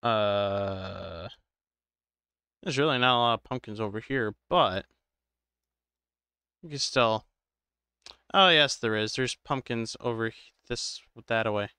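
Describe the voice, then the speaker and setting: A man live-streaming a game, chatting casually with viewers in a slow, drowsy, rambling way because he is tired. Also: lowish voice, sharp tone, clear, resonant tone, no echo, studio quality. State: tired, medicated.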